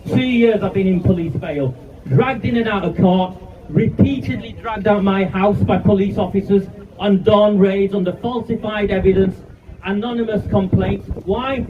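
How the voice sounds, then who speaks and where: A man's voice: high-pitched, moderate pace, a crowd in the background. A man, giving an angry, defiant speech at a street protest. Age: 50s. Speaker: campaigner speaking at a rally. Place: outdoor street rally. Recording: distant, muffled, noisy outdoor recording.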